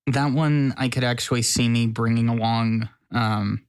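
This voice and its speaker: A man's voice: medium pitch, fairly even intonation, a little slow, smooth. Chatty, teasing podcast co-host man. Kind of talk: casual chat.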